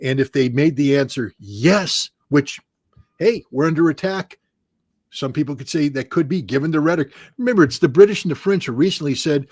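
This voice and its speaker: A man's voice: a little high, lively intonation, fairly quick, no room sound, clean studio sound. A man giving insistent, argumentative commentary as an interview guest, emphatic and driving his points home. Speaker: guest analyst.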